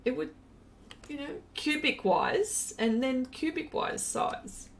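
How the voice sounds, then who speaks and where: Slow-talking Australian woman with a raised voice. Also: high-pitched, very animated, a little hiss or hum. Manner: chatty, laughs often, reads viewer comments aloud. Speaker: art live-stream host. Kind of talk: casual live-stream chat while painting.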